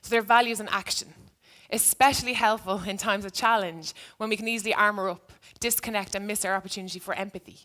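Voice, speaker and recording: A woman's voice: medium pitch, fairly even intonation, quick pace, hardly any pauses, pushed and bright. A woman who used to be a teacher, giving a reflective talk to an audience and telling a story from her classroom. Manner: earnest, reflective. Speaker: speaker, former teacher.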